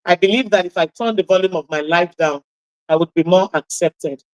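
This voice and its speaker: A woman with a husky voice hosting a radio talk show, giving an impassioned motivational talk and repeating key phrases for emphasis. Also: on the low side, brisk, dry recording, low-quality recording.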